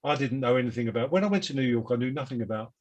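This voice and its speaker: A man in his seventies with a London Cockney accent, a guest telling rambling, self-deprecating stories in a relaxed interview over a video call. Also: mid-range voice, rapid-fire, dull audio. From London, England. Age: 70s. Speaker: guest musician. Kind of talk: reflective interview chat.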